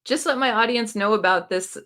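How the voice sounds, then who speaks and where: This booktube host has a fairly high, slightly bright voice and talks fairly fast. On a casual phone-recorded live stream, she reads viewers' comments aloud and answers them in a warm, coaching tone.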